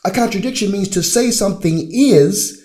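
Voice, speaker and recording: A man's voice: high-pitched, normal speed, darkish tone. A man teaching theology in a classroom style, putting rhetorical questions to his listeners and answering them himself. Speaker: religion teacher.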